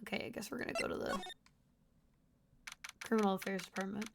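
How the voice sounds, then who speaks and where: A woman's voice: mid-range voice, fairly even intonation, fairly quick, creaky, background noise. A woman streamer casually chatting, swearing playfully, and reading game dialogue aloud. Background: faint game music.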